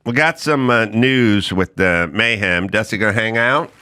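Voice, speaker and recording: A man from Los Angeles hosting a podcast in casual chat, telling stories with lively impressions of the people in them. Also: on the low side, normal speed, clear, resonant tone. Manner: animated storyteller who mimics the people in his stories. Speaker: podcast host.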